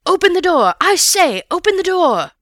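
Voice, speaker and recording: Lady doing a furious man banging and yelling, loud and dry. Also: extremely high pitch, very animated, moderate pace, dry recording, pitched above the performer's own voice, heavily acted. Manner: shouting, furious. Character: angry shouting man behind a door.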